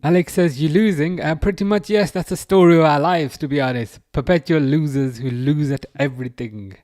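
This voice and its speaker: A man's voice: a little high, brisk, a little mellow, dry recording, clean studio sound. A man hosting a casual football livestream, chatting and self-mocking, often restarting his sentences and laughing. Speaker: livestream host. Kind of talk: casual live match commentary.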